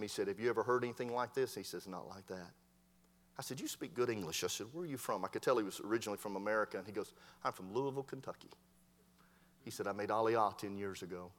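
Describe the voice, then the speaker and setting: A man preaches in a Baptist church. He tells his stories animatedly and acts out the voices of the people in them. His voice carries a long reverb through the sanctuary. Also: lowish voice. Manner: storytelling preacher, animated voices in quoted dialogue. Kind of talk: sermon. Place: church hall.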